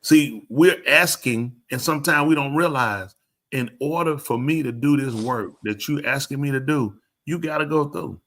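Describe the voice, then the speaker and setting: Older man, preacher, casual storytelling, bright voice, lively acted-out dialogue. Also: mid-range voice, moderate pace. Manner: animated, acts out dialogue in raised voice.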